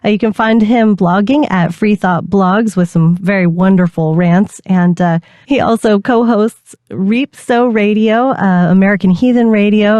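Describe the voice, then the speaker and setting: A woman's voice: medium pitch, mellow, no room sound. A woman co-hosting a podcast, introducing and questioning a guest in a friendly, teasing way. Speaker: podcast co-host. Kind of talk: casual interview.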